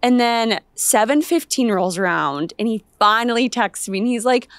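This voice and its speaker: Young female podcast co-host, lively storyteller, dry close mic. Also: on the high side, moderate pace, few pauses, no room sound. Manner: animated storytelling, acts out her own quoted lines. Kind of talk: casual chat.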